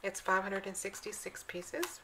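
A woman's voice: medium pitch, unhurried, background noise. A woman vlogging a casual walkthrough of planner sticker books, reading the slogans aloud in a chatty, admiring way.

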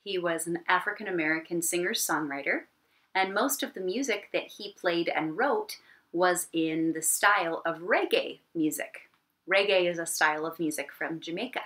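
A woman teaching an online elementary music class at her computer, talking slowly and gently and singing warm-ups. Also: fairly low pitch. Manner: gentle, encouraging, slow and clear, sings warm-ups. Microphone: computer mic. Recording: piano playing along.

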